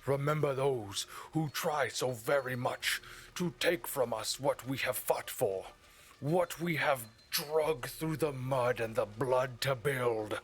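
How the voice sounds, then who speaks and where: A man's voice: medium pitch, takes it slowly, lightly acted. A man voicing a zealous ship captain making grandiose, contemptuous proclamations to his men. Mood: solemn. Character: zealous male ship captain orating through a bullhorn.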